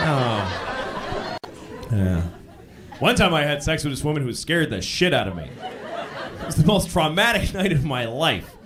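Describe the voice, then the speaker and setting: Brief: male stand-up comic, crude self-mocking delivery, animated swings in pitch, live crowd laughing loudly. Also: measured pace, long pauses. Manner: profane, self-deprecating, acts out voices. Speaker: stand-up comedian. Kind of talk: stand-up set. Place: live comedy stage. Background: audience laughter.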